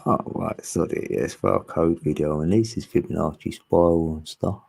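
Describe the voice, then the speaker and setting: A man talks casually with his online group, wandering from thought to thought and laughing often. His voice sits a little low and sounds mellow and husky. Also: moderate pace. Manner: rambling and chatty, laughs often. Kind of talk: casual chat.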